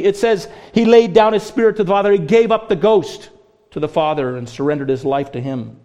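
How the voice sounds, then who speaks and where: A man preaching a sermon as pastor, impassioned, swinging between hushed, quiet passages and ringing, raised ones. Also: sits high, fairly quick.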